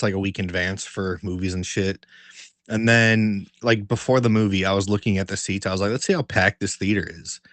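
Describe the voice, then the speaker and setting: A man co-hosting a podcast, telling a story in a casual, animated way, swearing a lot and filling it with "like". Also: fairly low pitch, no room sound. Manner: animated, profanity-heavy storytelling with many fillers; laughs while telling the story. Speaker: podcast co-host. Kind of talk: casual chat.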